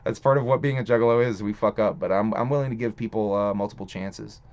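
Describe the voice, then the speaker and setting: A man's voice: lowish voice, fast talker, darkish tone. Rambling, profane male streamer, lo-fi audio. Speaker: streamer host. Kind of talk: casual live-stream chat.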